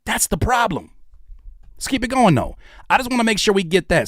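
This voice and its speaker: A man's voice: high-pitched, big pitch swings, brisk, pauses often, a bit bright, dry recording, studio quality. A man in his thirties giving heated, preachy reaction commentary on video clips, swearing freely.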